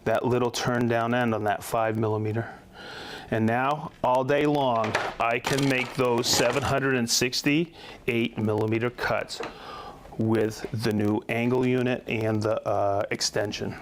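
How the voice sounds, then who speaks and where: A man's voice: mid-range voice, steady tone, measured pace, slight background noise. A man hosting a live product stream, chatty and upbeat, demonstrating tools and reading out viewers' hometowns. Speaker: host of a company livestream. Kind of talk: live product demo and viewer shout-outs.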